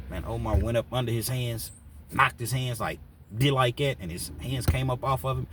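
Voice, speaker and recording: A man's voice: medium pitch, moderate pace, slight background noise. A man telling a story in a casual, slangy way, acting out what people said. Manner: animated, slangy, acts out quotes.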